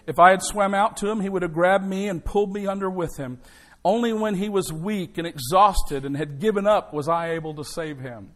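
A man voicing a patient male lifeguard who speaks calmly but firmly. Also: high voice, fairly quick. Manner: calm and firm.

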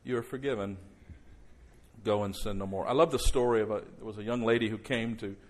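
A man preaching a sermon as pastor before a congregation, slowing right down and dropping to a near hush for emphasis, then rising loud. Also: on the low side, fairly even intonation. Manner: slows down and drops soft for emphasis, then rises loud. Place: church service before a congregation.

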